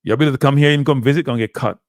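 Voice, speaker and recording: Animated man, dry close sound. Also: mid-range voice, very fast, no echo. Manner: animated, repetitive, addresses viewers as "people". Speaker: livestream host. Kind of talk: casual live commentary.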